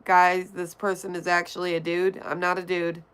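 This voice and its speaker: A woman's voice: fairly low pitch, completely flat delivery, moderate pace, fairly bright tone, clear, resonant tone. A woman streamer reading her chat aloud and answering it bluntly and offhandedly, vaping between remarks. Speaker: livestreamer. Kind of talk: casual chat reading viewer comments.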